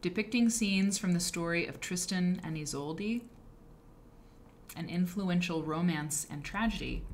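A woman hosts a live stream about quilt history, chatting casually and rambling with plenty of asides and self-corrections. Her voice is fairly low and a little slow, with slight background noise.

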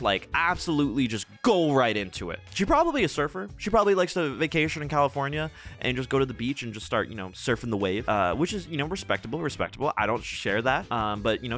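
A man's voice: mid-range voice, a bit bright. A man talking casually as he ranks game characters, playful and rambling, with theatrical asides. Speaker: gaming YouTuber. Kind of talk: casual tier-list commentary.

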